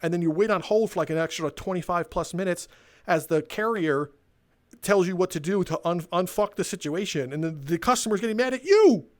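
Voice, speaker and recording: Man, young adult, slightly high voice, exasperated, sarcastic, profane comedic rant. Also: brisk. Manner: sarcastic, exasperated, swears freely. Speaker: comedic storyteller.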